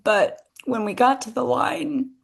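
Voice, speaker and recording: Woman, podcast host, personal monologue, hesitant, emotional, soft laughs. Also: a little high, measured pace, creaky, husky. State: tearful at moments.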